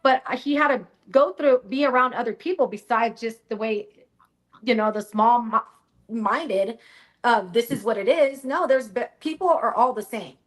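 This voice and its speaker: A woman's voice: a little high, normal speed. A woman speaking bluntly and animatedly as a guest in a casual panel discussion.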